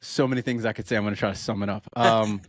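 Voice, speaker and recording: A man's voice: fairly low pitch, quick pace, no room sound. A man in his thirties, a running coach, chatting casually and acting out what his runners say. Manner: animated storytelling, acts out quoted voices. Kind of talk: casual podcast chat.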